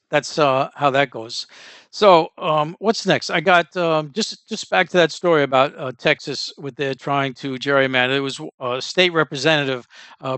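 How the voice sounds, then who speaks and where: A man's voice: fairly high pitch, a bit bright, no room sound. A man giving casual, indignant political commentary as the host, rambling with many restarts and fillers.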